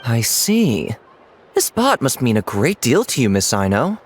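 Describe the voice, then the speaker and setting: An actor playing an effusive, flattering guild clerk in a video game. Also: male voice, medium pitch, unhurried, breathy edge, faint music behind. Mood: polite. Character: fawning male guild clerk. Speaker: game character.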